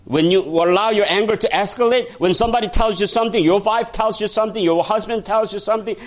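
A Korean pastor, whose first language is Korean, preaches in a high voice and talks fast. His sermon is animated and full of stories, swinging from a raised voice to soft storytelling as he quotes people in the tale and chuckles often.

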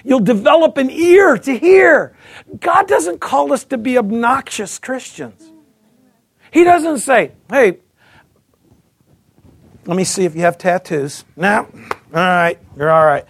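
A man's voice: extremely high pitch, measured pace, creaky, pauses often, slightly rough, no room sound, studio quality. A man in his fifties giving a sermon testimony, telling his story with energy and acting out the voices of others. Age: 50s. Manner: animated storytelling, acts out voices, repeats words.

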